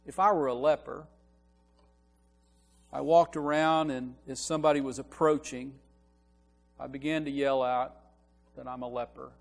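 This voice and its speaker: A man's voice: medium pitch, gravelly, long reverb tail. A man preaching a sermon, explaining a Bible passage in an earnest teaching manner and building emphasis on key words, with frequent restarts. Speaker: minister. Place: church sanctuary.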